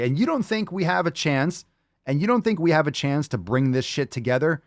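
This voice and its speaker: A man hosting a casual solo podcast, reading out fan posts with loud, jokey, profane energy. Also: a little high, expressive, fairly quick, no room sound, clean studio sound. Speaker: podcast host.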